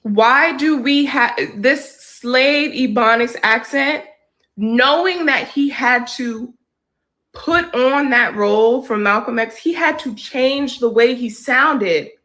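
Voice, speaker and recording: A woman's voice: high voice, slow, a bit bright. A woman giving indignant, argumentative commentary to camera, full of rhetorical questions. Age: adult. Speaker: social media commentator.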